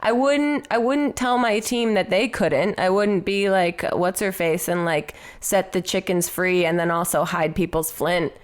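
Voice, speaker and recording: A woman co-hosting a podcast in casual chat, excitable and giggly, gushing as she talks. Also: fairly low pitch, measured pace, few pauses. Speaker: podcast co-host.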